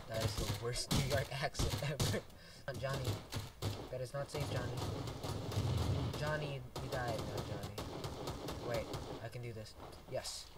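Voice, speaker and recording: A man's voice: mid-range voice, little pitch movement, a little slow, long pauses. A young man casually commenting on his own game as he plays, goofy and swearing a lot, talking to himself in bursts. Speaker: gameplay video host. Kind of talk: solo let's play commentary. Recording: distant mic, loud background noise.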